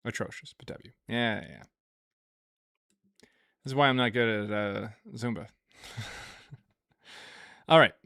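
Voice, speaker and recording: A man hosting a casual livestream, joking and rambling as he reads viewer messages aloud. His voice is bright and forward, close on a dry microphone with no room sound. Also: lowish voice, a little slow, pauses often, smooth, no echo. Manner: joking, rambling storytelling with laughs; reads out viewer super chats. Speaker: livestream host.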